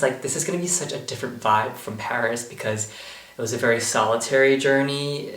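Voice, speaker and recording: Soft musing man vlogging in a roomy space. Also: mid-range voice, animated, moderate pace, noisy background. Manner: musing, loose, full of "like" and "you know". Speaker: vlogger and painter. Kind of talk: casual vlog talk. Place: indoors in a townhouse at an artist residency.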